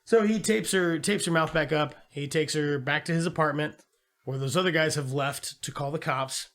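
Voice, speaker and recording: Gravelly man recapping a movie. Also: fairly high pitch, normal speed. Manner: profane, animated retelling of plot with quoted voices. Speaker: podcast co-host. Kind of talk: casual movie review chat.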